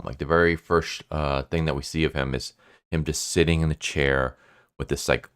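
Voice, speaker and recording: Very deep-voiced man recapping a manga. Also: clear, resonant tone, no room sound, studio quality. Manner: rambling, many fillers like "like". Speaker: manga reviewer. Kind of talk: casual plot recap.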